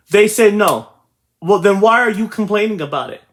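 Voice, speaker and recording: A man's voice: sits high, lively intonation, normal speed, fairly bright tone. A man hosting a real estate channel, giving a motivational talk to his viewers and repeating his points emphatically. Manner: repetitive, emphatic, addresses viewers directly.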